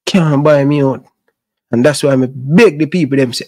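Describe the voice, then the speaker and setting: A man's voice: medium pitch, normal speed, mellow. A middle-aged man from Jamaica with a Jamaican accent, hosting his own sports channel and talking straight to his viewers in an impassioned, preachy Patois. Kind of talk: casual rant to camera.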